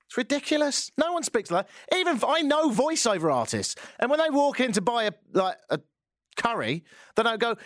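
Lively man hosting radio. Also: very high voice, fairly quick, dry recording, studio quality. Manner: wry, animated, reads listener texts. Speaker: radio talk show host. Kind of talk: casual radio call-in chat.

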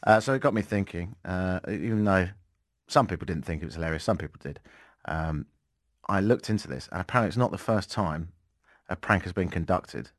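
A man's voice: low-pitched, a little fast, no echo. A British man hosting a casual talk radio show, joking and sarcastic, laughing often. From Britain. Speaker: radio host. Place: radio studio.

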